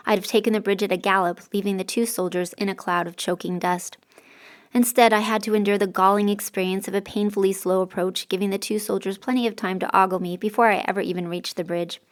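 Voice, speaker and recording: A woman reading a first-person novel aloud as an audiobook narrator, with a dry, sardonic delivery. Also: medium pitch.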